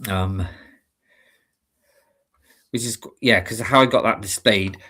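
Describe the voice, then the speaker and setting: A man's voice: on the low side, takes it slowly, pushed and bright, slightly rough. Chatty rambling male stream host. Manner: rambling, chatty, laughs often. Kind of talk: casual chat.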